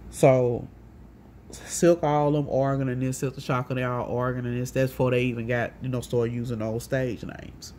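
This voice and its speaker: Animated, profane woman telling a story. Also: a bass voice, normal speed, a little hiss or hum. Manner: animated, profane, rambling, acting out others' lines. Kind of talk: casual storytelling monologue.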